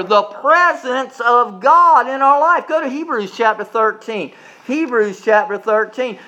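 A man with a notably high voice delivers a sermon as pastor. He hammers his points home through repetition and rising emphasis, and now and then drops to a soft, quick aside. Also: animated, muffled recording.

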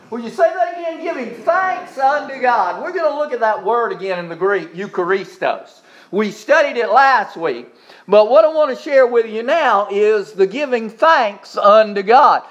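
During a church service, a pastor with a high, fairly bright voice delivers a sermon full of emphatic repetition. He reads Scripture, prays aloud and has the congregation repeat his words.

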